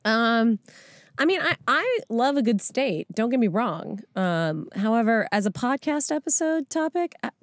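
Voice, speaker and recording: A woman guest on a podcast, bantering in an animated way and swearing freely. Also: fairly high pitch, unhurried, no room sound. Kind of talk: casual chat.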